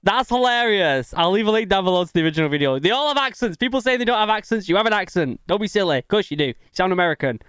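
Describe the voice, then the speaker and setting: A man's voice: high voice, animated, very fast, hardly any pauses, a bit bright, clear, resonant tone, no room sound, studio quality, faint music behind. A man hosting a reaction vlog, talking casually and upbeat to the camera and often repeating himself. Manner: chatty and upbeat, repeats phrases. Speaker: reaction video host.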